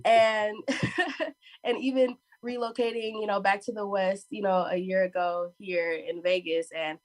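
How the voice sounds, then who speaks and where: A woman's voice: mid-range voice, little pitch movement, normal speed. A woman with a Southern US accent, chatting on a conference panel and laughing often as she talks. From Southern US (Florida). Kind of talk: casual panel talk.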